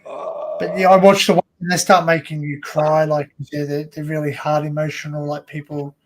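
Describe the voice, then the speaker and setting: A man's voice: on the high side, little pitch movement, moderate pace, a little hiss or hum. Rambling casual male co-host. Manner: rambling, stumbling restarts, laughs at own stories. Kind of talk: casual chat.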